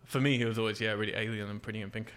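A man's voice: fairly low pitch, steady tone, racing, fairly bright tone, smooth. A man co-hosting a podcast, chatting loosely with many fillers and easy laughs. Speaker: podcast co-host. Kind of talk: casual chat.

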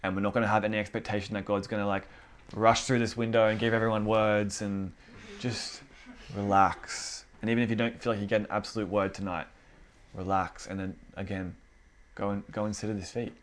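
A man's voice: on the low side, little pitch movement, fairly quick. A man preaching to a small indoor group in a casual, conversational way, acting out the inner voices of his listeners. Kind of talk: casual informal sermon.

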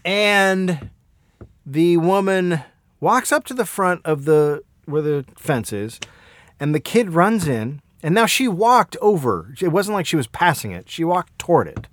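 A man co-hosting a comedy podcast, telling a story in a profane, animated way. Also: fairly high pitch, unhurried, dry recording.

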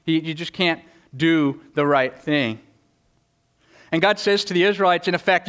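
A man's voice: on the high side, normal speed, a bit bright, smooth. A man preaching a sermon, earnest, often repeating words as he starts a thought. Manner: earnest, stammering repetitions, voices quoted speakers. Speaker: pastor.

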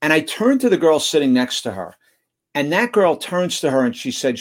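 A man's voice: on the high side, sing-song, moderate pace. A man who speaks at schools, telling a story in an interview, earnest and often restarting his words. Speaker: guest, motivational school speaker. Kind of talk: storytelling in conversation.

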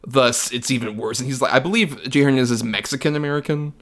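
A young man co-hosting a movie podcast in loose, casual chat. His voice sits at an everyday middle pitch, and he swears and laughs his way through animated riffs. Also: quick pace. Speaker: podcast co-host.

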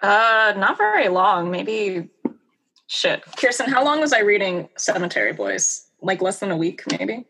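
A woman chatting casually on a podcast, blunt and animated. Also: mid-range voice, unhurried, slightly rough. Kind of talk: casual chat.

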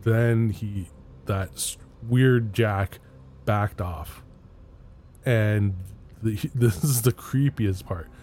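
Low mellow-voiced man telling a ghost story. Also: extremely slow, slight background noise. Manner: rambling, hesitant, laughs between lines. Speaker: podcast host telling a story. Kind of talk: casual storytelling chat.

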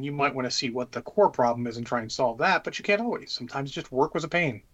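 A man with a fairly high speaking voice, talking casually on a podcast and swearing freely as he gives laid-back advice. The sound is dull and lo-fi. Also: a bit bright. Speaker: podcast co-host. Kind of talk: casual chat.

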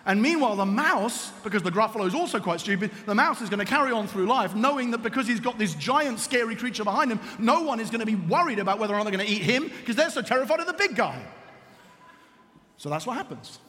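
Animated, high-voiced male preacher. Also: quick pace, long reverb tail. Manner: animated storyteller, emphatic and repetitive. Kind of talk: sermon.

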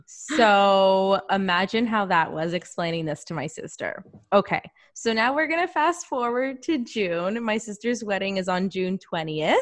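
A woman in her thirties telling a personal story in casual chat, animated and self-deprecating, laughing often. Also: medium pitch, a little slow, few pauses, no echo.

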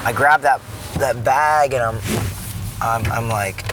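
A man's voice: mid-range voice, slow pace, background noise. A man in his thirties, a father, talking through a reflection on parenting in a casual vlog that turns preachy, earnest and rambling with many restarts, from inside a car.

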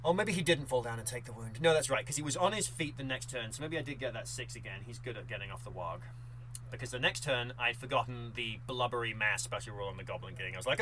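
Animated man recapping a tabletop game. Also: medium pitch, fast talker, slight background noise, low-quality recording. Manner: animated storyteller, acts out dice moments. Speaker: podcast co-host.

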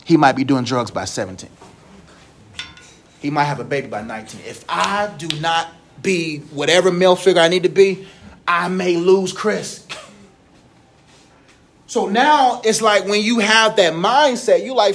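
A man in his thirties giving a casual, animated sermon talk, laughing often as he speaks. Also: high-pitched, unhurried, long pauses, a little hiss or hum. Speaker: preacher.

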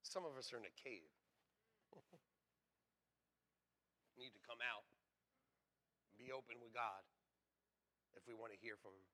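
A man preaching a sermon as pastor, swinging between hushed, quiet passages and loud, shouted exclamations. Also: mid-range voice, normal speed, pauses often, soft background music.

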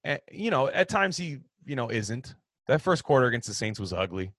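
A man's voice: mid-range voice, very animated, fairly quick, a bit bright, no echo. A man hosting a casual sports talk show, giving rambling, opinionated takes on football with frequent restarts. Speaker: sports podcast host.

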